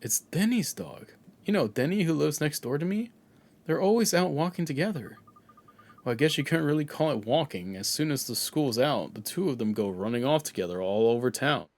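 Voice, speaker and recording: A man doing a gentle young girl. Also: on the high side, animated, a little fast. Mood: chatty. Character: shy, kind young girl shopkeeper.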